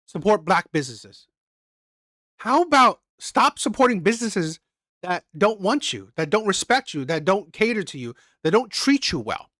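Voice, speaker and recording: A woman's voice: lowish voice, fairly bright tone, dry recording, clean studio sound. A woman hosting a reaction channel, ranting bluntly with profanity and firing off repeated rhetorical questions. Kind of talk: ranting commentary.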